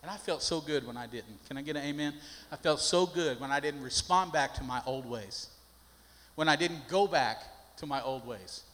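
Older pastor guy preaching, high voice, folksy storyteller, big echoey church. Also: moderate pace, a bit bright. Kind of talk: sermon. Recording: long hall reverb.

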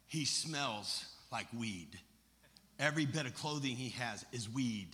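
A man's voice: mid-range voice, animated, measured pace, sharp tone. A man preaching a sermon as a storyteller, with impassioned, emphatic delivery. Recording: long reverb of a large hall.

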